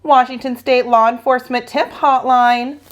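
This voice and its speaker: A woman doing a blaring, brisk hotline officer. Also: on the high side, expressive, dull audio, pitched above the performer's own voice, close to an everyday voice. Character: brisk adult man answering a police hotline. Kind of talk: children's read-aloud.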